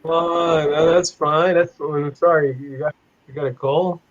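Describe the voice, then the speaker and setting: A man teaching an online English class on idioms, playful, laughing often and repeating phrases slowly. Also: fairly high pitch, little pitch movement, muffled recording. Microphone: video call.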